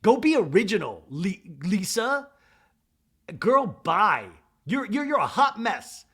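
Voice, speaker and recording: A man doing an impression of a sharp-tongued reality-star woman, who delivers taunting, slow put-downs. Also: on the high side, lively intonation. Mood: scornful.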